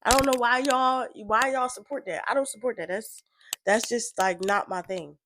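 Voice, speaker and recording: A woman's voice: on the high side, normal speed, background noise. A woman giving casual reaction commentary, rambling and frank, full of fillers. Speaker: reaction vlogger.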